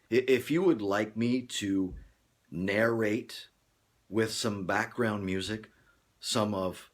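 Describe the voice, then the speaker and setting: A man hosting a casual livestream, rambling and joking, chuckling often as he talks to viewers. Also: fairly low pitch. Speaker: livestream host. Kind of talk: casual live-stream chat.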